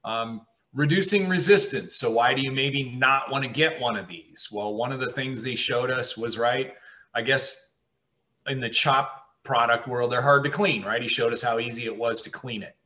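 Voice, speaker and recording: Bright-voiced man lecturing casually. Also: medium pitch, normal speed. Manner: conversational, frequent "right?" checks. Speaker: instructor.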